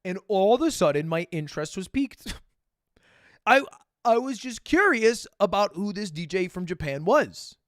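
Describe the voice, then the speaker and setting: A young man tells a story to his stream in a casual, self-mocking way, swearing often. His voice sits a bit high and swings widely in pitch, jumping to loud bursts and dropping to low asides. The sound is close and dry. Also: big pitch swings, normal speed, dry recording.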